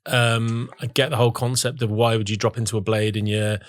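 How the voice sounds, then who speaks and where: A man's voice: medium pitch, little pitch movement, brisk, dry recording. A man, a golf pro co-hosting a podcast, easygoing with dry teasing. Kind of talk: casual chat.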